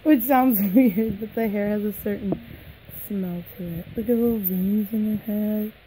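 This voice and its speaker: A young woman vlogging an unboxing in a casual, gushing way, her voice a little hoarse, sometimes dropping to soft whispers. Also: medium pitch, steady tone, moderate pace, a little hiss or hum, low-quality recording.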